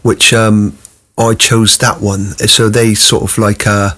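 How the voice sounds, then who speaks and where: A man telling his life story as a guest, with halting restarts. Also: on the low side, flat delivery, pushed and bright. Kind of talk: personal testimony.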